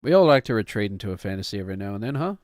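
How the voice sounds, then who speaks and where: A man's voice: fairly low pitch, sing-song, rapid-fire, darkish tone, no room sound, clean studio sound. A man in his thirties, a streamer who chats casually in a rambling, wry, self-mocking way. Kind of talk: casual chat.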